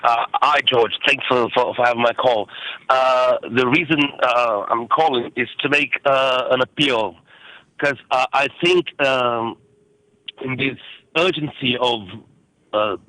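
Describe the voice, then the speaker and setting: Halting Brazilian caller on a phone line. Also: male voice, mid-range voice, sharp tone, no echo. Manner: halting, many fillers and restarts.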